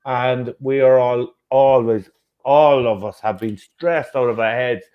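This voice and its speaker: A man's voice: medium pitch, fairly even intonation, measured pace, clear, resonant tone. Teasing Irish man hosting, lo-fi sound. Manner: teasing, jokey. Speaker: host. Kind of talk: casual interview chat. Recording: dull lo-fi sound.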